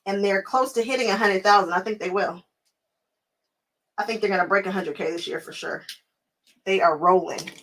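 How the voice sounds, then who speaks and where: A woman's voice: medium pitch, normal speed, pauses often, a bit bright, poor audio. A young woman hosting her quilting channel, chatting casually with viewers while she works, often laughing and answering them by name. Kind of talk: casual chat while crafting.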